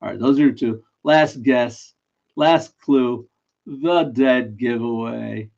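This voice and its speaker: A man's voice: medium pitch, slow, gravelly, a little mellow. A man hosting a casual live stream, chatty and self-mocking, often laughing mid-sentence. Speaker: live stream host running a daily trivia guess. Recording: dull lo-fi stream audio.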